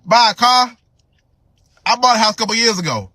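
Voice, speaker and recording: A man with a very high, piercing voice jokes his way through a casual rant, slangy and laughing. His pitch swoops widely as he talks. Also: animated, brisk, pushed and bright, no room sound. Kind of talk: casual social media rant.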